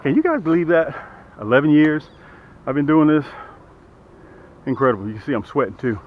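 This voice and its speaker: A man's voice: fairly high pitch, very animated, normal speed, phone-quality sound. Folksy middle-aged man demonstrating outdoors. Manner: folksy, talks straight to viewers while working. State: out of breath from lifting. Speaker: boat dealer demonstrating a boat. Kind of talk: casual how-to demonstration. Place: outdoors by the water.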